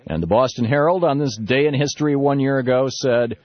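A man hosting a political talk radio show from a studio, speaking in an animated, indignant way with many restarts. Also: medium pitch, a little fast, no echo. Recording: dull, slightly lo-fi radio broadcast.

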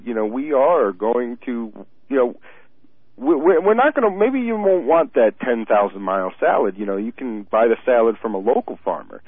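Animated man on a tinny phone line. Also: mid-range voice, dry recording. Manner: animated, restarts often, laughs mid-sentence. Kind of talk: casual political talk.

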